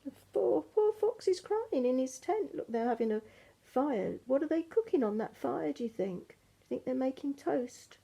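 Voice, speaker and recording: An older woman reading a picture book aloud to her grandchildren, with gentle, chatty asides. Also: sits high, animated, measured pace, creaky.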